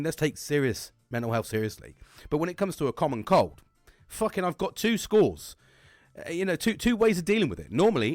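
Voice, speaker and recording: A man's voice: medium pitch, dry recording, studio quality. A man, hosting a podcast in a casual monologue, blunt and boisterous and swearing constantly. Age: 40s. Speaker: podcast host.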